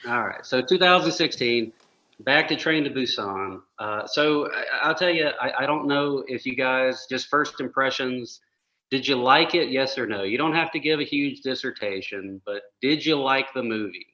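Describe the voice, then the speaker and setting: A man hosting a casual movie podcast, joking and recapping plots with quick asides. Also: mid-range voice, bright, forceful tone, dull audio. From United States. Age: older than the other hosts. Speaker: podcast host.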